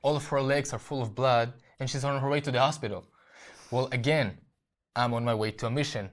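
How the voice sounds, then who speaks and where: Earnest Israeli man telling his story. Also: mid-range voice. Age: young adult. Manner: earnest, halting, with frequent restarts and repeated words. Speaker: interview guest. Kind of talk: personal testimony in an interview.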